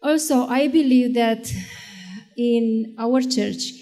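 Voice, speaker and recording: A woman on a discussion panel, a parent and educator, speaking in a measured, thoughtful way with frequent pauses and fillers. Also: fairly high pitch, mellow, big-room sound.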